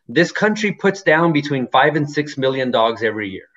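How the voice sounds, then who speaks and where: A man's voice: medium pitch, lively intonation, normal speed, a bit bright, lo-fi sound. A man who runs a dog business, talking casually in an interview and rambling with lots of fillers. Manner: rambling, many "you know" fillers. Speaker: dog-running business owner.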